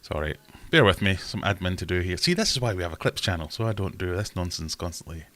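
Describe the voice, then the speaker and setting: Low-voiced rambling man. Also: lively intonation, fast talker, fairly bright tone. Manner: rambling, self-deprecating, chatty. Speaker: live stream host. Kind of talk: casual live stream chat.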